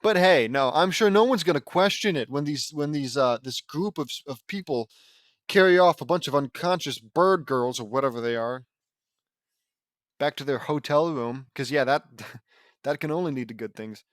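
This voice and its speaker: A man reads his own fan fiction aloud in a loose, casual audiobook style, stopping to crack sarcastic jokes between lines. His voice sits a little high for a man. The recording is dry and close, made on a home microphone. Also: moderate pace, dry recording. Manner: joking, sarcastic asides between read lines. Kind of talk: casual audiobook reading with asides. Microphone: close home mic.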